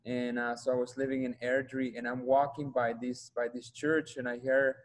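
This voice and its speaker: Flat-voiced man with a Mexican accent. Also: medium pitch, poor audio. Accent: Mexican Spanish. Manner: earnest, halting, repeats himself while searching for words. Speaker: guest speaker giving a testimony. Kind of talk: personal testimony.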